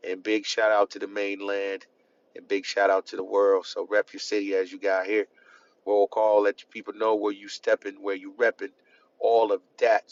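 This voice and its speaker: A man hosting a live stream, calling out viewers' hometowns with casual slang shout-outs. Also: on the low side. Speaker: host. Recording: lo-fi dull sound.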